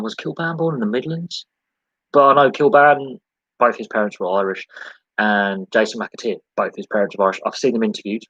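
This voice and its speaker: A man's voice: fairly low pitch, fairly bright tone, breathy edge, no echo, dull audio. English man rambling on a podcast. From England. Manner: rambling, repeats himself, frequent ums and restarts. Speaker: podcast host. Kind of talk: solo live podcast talk.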